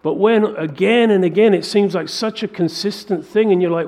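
A man preaching a sermon, working through a scripture passage with animated rhetorical questions. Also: sits high, moderate pace. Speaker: pastor.

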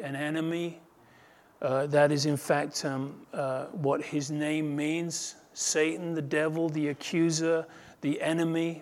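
Male pastor, earnest expository sermon, slightly raised pitch. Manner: earnest expository preaching, rises in pitch when retelling parables.

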